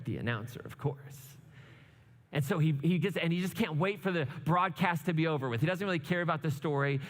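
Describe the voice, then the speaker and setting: A man's voice: a little high, lively intonation, fairly quick. A man preaching a conversational sermon in a church, chatty and joking, often checking in with the listeners with "right?". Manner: chatty, asks "right?" often, jokes asides. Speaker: pastor. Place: church sanctuary. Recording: long hall reverb.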